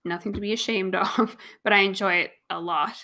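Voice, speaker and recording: Australian woman, casual streamer co-host, bright and giggly. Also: mid-range voice, steady tone, a little fast. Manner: chatty, reads chat aloud, giggly. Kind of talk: casual live-stream chat.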